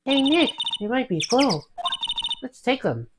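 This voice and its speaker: A woman's voice: sits high, very animated, a little slow, very noisy. A woman doing a bubbly young sidekick. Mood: playful. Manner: bubbly, playful, teasing. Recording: loud game music behind.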